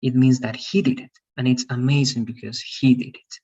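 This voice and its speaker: A man teaches English grammar in an online class. He explains patiently, goes over points again, and keeps asking whether his students follow. His voice is slightly husky, and the call audio sounds a bit muffled. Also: medium pitch, level tone, moderate pace, dark tone. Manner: patient, repetitive explaining with frequent "all right?" checks.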